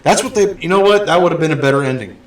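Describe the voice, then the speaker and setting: A man's voice: on the high side, racing, slight background noise. A man hosting a podcast, in a casual, blunt and profane chat about a movie. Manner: blunt, profane, animated storytelling. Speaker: podcast host.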